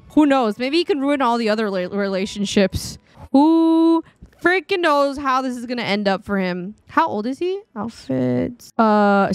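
A woman giving casual, chatty commentary while streaming a life-sim game, exclaiming and reacting loudly. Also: fairly high pitch, no echo. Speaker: gaming streamer. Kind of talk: casual let's-play commentary. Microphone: desktop studio mic.

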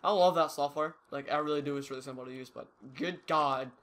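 A man's voice: fairly high pitch, fast, a bit bright, slight background noise. A young man giving casual, rambling, self-mocking commentary over his own gameplay. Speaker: gaming YouTuber.

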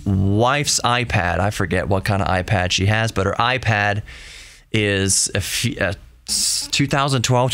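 A man's voice: lowish voice, fairly bright tone. A man hosting a podcast alone, talking casually and rambling, often restarting and correcting himself. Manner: rambling, self-correcting, chatty. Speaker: podcast host. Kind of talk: casual solo podcast talk.

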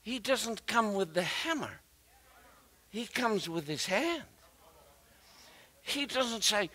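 A man preaching a sermon, emphatic and animated, repeating himself and often restarting phrases as he speaks directly to the congregation. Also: high-pitched. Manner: animated and emphatic, with frequent repetition and halting restarts; talks directly to the congregation with asides and questions.

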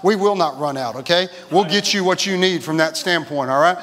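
A pastor preaching a sermon in a church, exuberant, laughing and shouting and calling out to the congregation. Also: male voice, a little high, fairly quick. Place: church sanctuary. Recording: church hall reverb.

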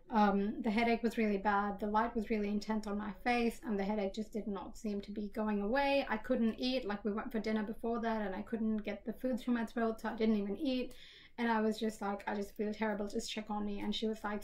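A young Australian woman telling a personal story in a casual vlog, chatty and quick, with lots of "like" and "you know" fillers. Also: medium pitch, slight background noise. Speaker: vlogger.

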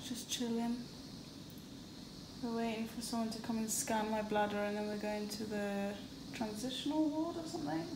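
A woman's voice: medium pitch, completely flat delivery, normal speed. A young woman from the UK, tired and out of breath, chatting casually to a phone camera in a hospital room. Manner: tired, chatty, bursts of laughter. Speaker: vlogger, new mother. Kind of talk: casual vlog chat. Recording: background hiss, room noise.

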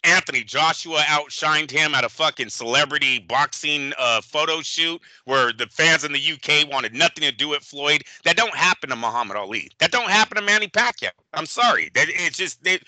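Male co-host, profane ranter, high lively voice, dry close sound. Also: normal speed, hardly any pauses, no echo, low-quality recording. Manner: profane, ranting, mocks others in put-on voices. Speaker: boxing show co-host. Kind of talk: casual podcast chat.

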